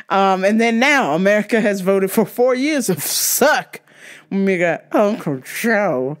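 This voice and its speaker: A woman's voice: mid-range voice, lively intonation, unhurried. A woman hosting a podcast, ranting bluntly and casually, swearing constantly. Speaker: podcast host. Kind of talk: casual profane rant.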